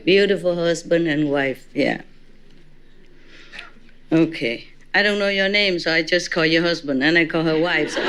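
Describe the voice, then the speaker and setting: A woman's voice: fairly low pitch, fairly bright tone. A woman spiritual teacher giving an informal dharma talk to a gathering, chatty and teasing, laughing often.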